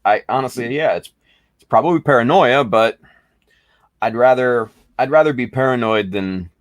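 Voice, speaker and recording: A man hosting a casual chat, talking in a rambling, halting way with many fillers. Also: medium pitch, dry recording. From United States. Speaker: podcast host.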